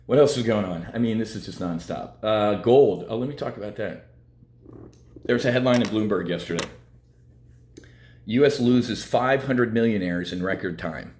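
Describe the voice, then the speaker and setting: A man's voice: fairly low pitch, darkish tone. A man hosting a market update, blunt and combative, with sarcastic jabs. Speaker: market commentary host.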